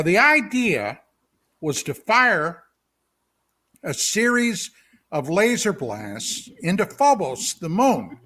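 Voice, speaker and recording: Slow, lively-pitched man telling a spooky story. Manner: dramatic storyteller, stretches key words, asides to the listener. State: hiccups. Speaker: radio show co-host. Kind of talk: talk radio storytelling. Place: radio studio.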